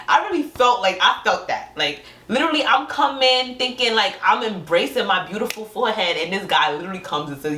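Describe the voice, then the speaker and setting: A young woman telling a couple's story with lively energy, acting out quotes with big jumps in her voice and laughing often. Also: fairly low pitch, slight background noise. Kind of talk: animated storytelling. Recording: roomy sound from a distant mic.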